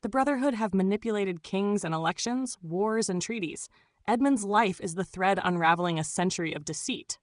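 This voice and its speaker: A woman voicing a hunted young female scholar who talks in a hurried, earnest way. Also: medium pitch, no room sound, natural voice. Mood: anxious earnest.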